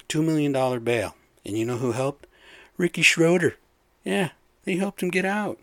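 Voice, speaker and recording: A man rambles in a loose, profane rant and keeps getting himself worked up. His voice has an everyday middle pitch and sits in a dry, close recording with no room around it. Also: no echo. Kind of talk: casual rant.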